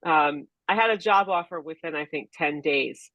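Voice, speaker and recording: A woman's voice: deep voice, normal speed, no echo, highs cut off. A woman on a video-call panel, telling her story in a friendly way and laughing easily. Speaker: panelist, team leader. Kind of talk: casual storytelling.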